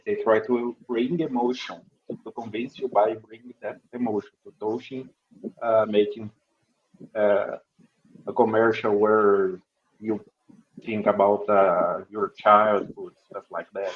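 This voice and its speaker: A man's voice: lowish voice, fairly even intonation, measured pace. Brazilian guy student, portuguese accent, kinda muffled lo-fi sound, trips over words a lot. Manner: hesitant, restarts often, searches for words. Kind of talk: classroom discussion.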